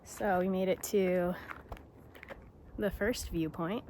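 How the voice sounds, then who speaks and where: A woman hiking vlogger talking casually on a mountain trail, relaxed and unhurried, with plenty of fillers. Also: lowish voice, slight background noise. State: out of breath at times. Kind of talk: casual vlog narration on the trail.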